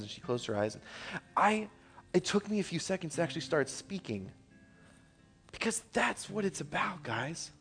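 A man in his thirties preaches from a church stage, telling a personal story with earnest, excitable energy. His voice sits a little high. Soft music plays faintly behind him. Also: a little fast.

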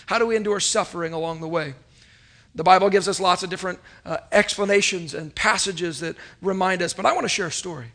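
A man with a high voice preaching from a church, his delivery rising and falling as he speaks to his congregation. He tells a story and asks the listeners questions as he builds to his point. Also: fast, a bit bright. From United States. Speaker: pastor. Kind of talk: sermon with storytelling.

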